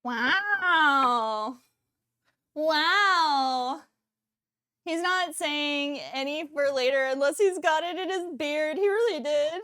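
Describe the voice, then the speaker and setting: A woman's voice: high voice, takes it slowly, bright, forceful tone. A woman hosting a cooking livestream, chatting casually with viewers in a bubbly way and laughing often. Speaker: cooking streamer host.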